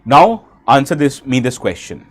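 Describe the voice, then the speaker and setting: A man's voice: mid-range voice, big pitch swings, moderate pace. A man with an Indian English accent teaching a live online exam-prep lesson, quizzing viewers, reading their names from the chat and correcting himself as he goes. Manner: corrects himself mid-sentence.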